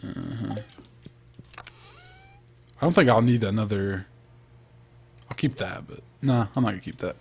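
A man's voice: on the low side, unhurried, creaky, long pauses, a little hiss or hum. Man thinking aloud over a game. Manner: chatty, thinks aloud, trails off mid-sentence. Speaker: let's play host. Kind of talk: casual gameplay commentary.

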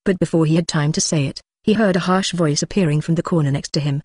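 Synthetic audiobook narrator, flat delivery, mid pitch, dry. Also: brisk, few pauses, dry recording. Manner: reads punctuation aloud, flat synthetic cadence. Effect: text-to-speech voice.

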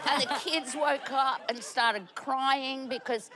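A woman comedian telling a rambling, halting story on a panel show, laughing as she goes. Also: high voice, steady tone, over a noisy crowd, very noisy. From Australia.

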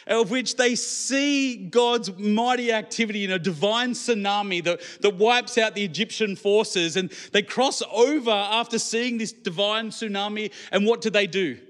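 Man, pastor, sermon, high-pitched voice, conversational, asks the congregation questions. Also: measured pace, hardly any pauses, a bit bright. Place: church.

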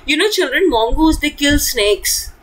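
A high-voiced woman teacher explaining a story. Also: animated, a little slow, fairly bright tone, poor audio. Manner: explains in simple words, asks questions, says okay often.

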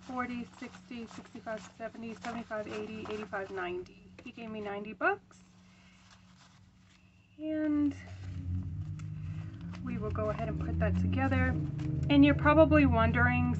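A woman's voice: on the high side, very animated, unhurried, long pauses, muffled recording, background noise. A young woman vlogging at home about her budget, chatty with many ums, out of breath as she counts bills aloud. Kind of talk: casual budgeting talk while counting cash.

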